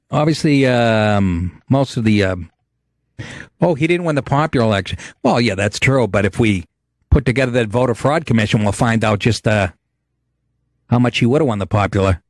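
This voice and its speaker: Profane, animated ranting male host. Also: medium pitch, normal speed, no room sound, clean studio sound. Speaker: podcast host. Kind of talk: casual ranting talk show.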